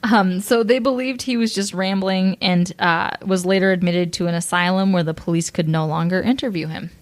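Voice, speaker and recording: A woman with a somewhat low voice co-hosts a casual true-crime podcast. She reads through her case notes with frequent fillers and a joking, giggly manner. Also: steady tone, normal speed. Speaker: podcast co-host.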